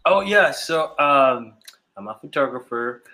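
A man's voice: mid-range voice, lively intonation, measured pace, pushed and bright, low-quality recording. A man from Panama with a Panamanian English accent, a guest on a podcast, telling stories in a casual chat. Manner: chatty storyteller who mimics voices in quotes.

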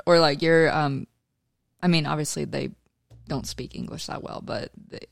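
Gravelly young woman rambling casually. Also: deep voice, unhurried, long pauses, no room sound, studio quality. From Kansas. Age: young adult. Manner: rambling, full of likes and trailing off. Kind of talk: casual family chat.

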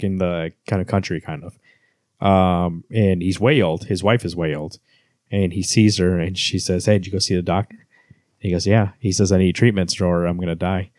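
A man's voice: low-pitched, a little mellow, no echo, clean studio sound. A man co-hosting a casual book club podcast, retelling scenes and reading passages aloud with many fillers. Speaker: podcast co-host.

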